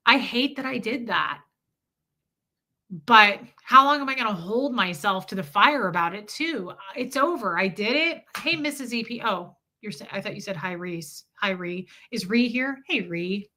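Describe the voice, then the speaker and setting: A woman's voice: medium pitch, expressive, moderate pace, sharp tone. A woman hosting a livestream, telling a personal story with emphasis and greeting her chat along the way. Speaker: livestream host.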